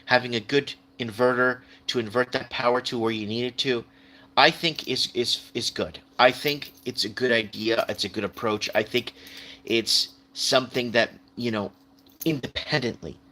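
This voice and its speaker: A man's voice: mid-range voice, steady tone, moderate pace, pushed and bright. A man hosting his own video, reading viewer comments and news headlines aloud and commenting on them in a loose, rambling way, often repeating himself. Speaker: video host.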